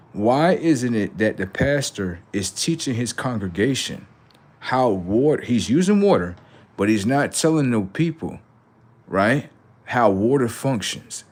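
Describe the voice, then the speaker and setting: A man rants at his livestream audience in a brash, confrontational way, swearing freely and tagging sentences with "right?". His voice sits a little on the low side. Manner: lectures viewers and reacts to chat. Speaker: livestream host. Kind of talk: profane livestream rant.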